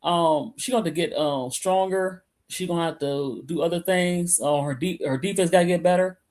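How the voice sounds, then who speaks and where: This sports podcast co-host from Michigan has a fairly low voice with a darkish tone and a normal speed. Talking from her computer off-mic over a remote call, she meanders through the casual chat and keeps restarting.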